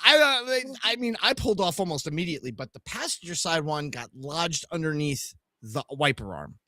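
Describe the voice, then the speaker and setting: A middle-aged man tells a road-trip story on a live podcast, swearing freely and acting out what happened with sound effects. His voice sits a little high and swings widely in pitch. The sound is close and dry. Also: fairly quick, no echo. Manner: animated, swearing, sound effects while telling stories. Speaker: podcast co-host.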